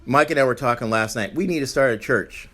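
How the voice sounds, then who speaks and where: A man's voice: medium pitch, a little fast, fairly bright tone. A man hosting a podcast, delivering an angry, profane, blunt rant. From Arizona, US. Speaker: podcast host. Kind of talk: ranting monologue.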